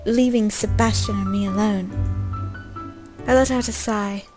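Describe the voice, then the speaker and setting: A woman's voice: mid-range voice, steady tone, a little slow, over music, poor audio. A young woman reading a story game aloud in a casual way, breaking off with swearing, jokes and coughs.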